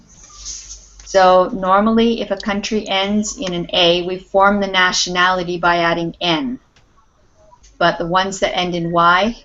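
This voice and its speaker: A woman teacher with a slightly low voice speaks slowly and patiently, encouraging her students one by one. Her voice comes through a muffled, lo-fi video call. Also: bright, forceful tone. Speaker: English teacher. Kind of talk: online class teaching.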